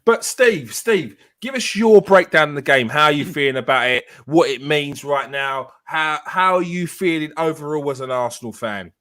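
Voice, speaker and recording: A man hosting a live fan show, chatty, excitable and teasing as he greets guests and reads comments. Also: on the high side, moderate pace, few pauses. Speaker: host. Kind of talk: casual live show chat.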